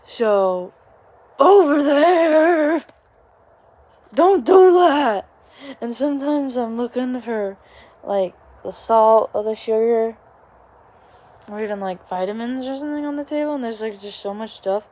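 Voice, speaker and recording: A woman's voice: a little high, moderate pace, warm tone. Young woman vlogger, rambling casual storyteller with many asides, recorded at home. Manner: chatty, rambling, many asides and quoted voices. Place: small home, living room.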